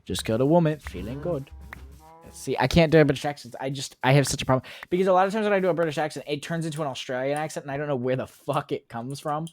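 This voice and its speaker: A man's voice: fairly high pitch, very fast, few pauses, faint music behind. A young man chatting casually on a gaming stream, rambling and joking as he talks back to his chat. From United States. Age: young adult. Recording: loud keyboard typing and mouse clicks.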